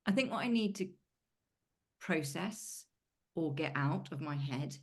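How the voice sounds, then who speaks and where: Low-voiced British woman, coaching client on a video call, chatty and candid. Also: animated, unhurried. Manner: chatty, swears casually, British idioms. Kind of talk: casual group coaching call.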